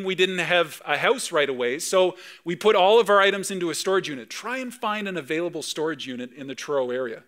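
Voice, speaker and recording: A man in his thirties, a pastor from Canada, preaching a conversational sermon full of personal stories. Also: a little high. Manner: storytelling, animated, conversational, sometimes emotional.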